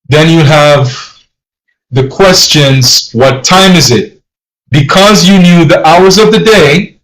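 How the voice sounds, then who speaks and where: Slow-talking man teaching a language lesson. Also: fairly high pitch, a bit bright, low-quality recording. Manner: slow, deliberate, self-correcting. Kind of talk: lesson overview.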